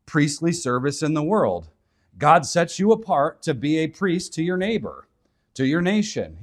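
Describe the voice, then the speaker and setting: A man preaching a sermon, earnest, with chuckling asides. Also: mid-range voice. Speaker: pastor.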